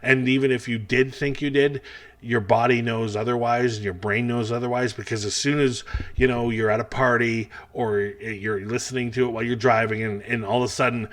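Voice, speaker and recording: A man's voice: mid-range voice, steady tone, a little fast. A man doing a taped stand-up comedy set, talking in a rambling, self-mocking way full of chatty asides. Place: taped show without live audience.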